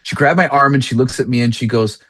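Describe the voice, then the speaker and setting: A man's voice: mid-range voice, fast talker, fairly bright tone, dry recording. Jokey storytelling male pastor, dry sound. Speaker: associate pastor. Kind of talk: interview guest storytelling.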